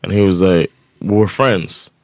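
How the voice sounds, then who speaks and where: Male podcast co-host, lowish voice, dry close mic, lively storyteller who acts out dialogue. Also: takes it slowly, dry recording. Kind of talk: casual chat.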